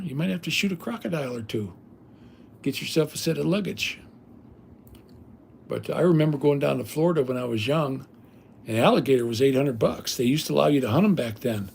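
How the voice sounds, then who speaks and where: A man's voice: medium pitch, creaky, a little mellow, a little hiss or hum. An older man hosting a livestream, telling rambling stories in a blunt, casual way with salty language. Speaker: livestream host.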